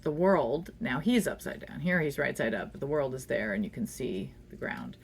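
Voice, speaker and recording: Woman tarot reader, creaky voice, chatty, giggly, faint background hiss. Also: extremely low pitch, animated, normal speed. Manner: chatty and giggly, talks fondly to the cards. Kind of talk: casual tarot reading chat. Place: indoors at home.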